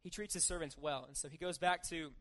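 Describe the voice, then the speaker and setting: A man's voice: on the high side, fairly even intonation, fast talker, a bit bright. Casual young man retelling a parable. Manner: informal and chatty, acting out the story in everyday voices. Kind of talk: casual sermon with scripture reading.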